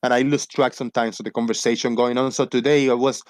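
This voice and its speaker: A man's voice: medium pitch, flat delivery, fast talker, no room sound. A man with a Puerto Rican accent hosting a livestream, talking loosely and swearing casually. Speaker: livestream host.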